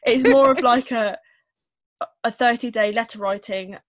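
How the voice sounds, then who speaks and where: A woman's voice: fairly high pitch, measured pace, no room sound. A young woman, co-hosting a podcast in a giggly, playful casual chat. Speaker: podcast co-host.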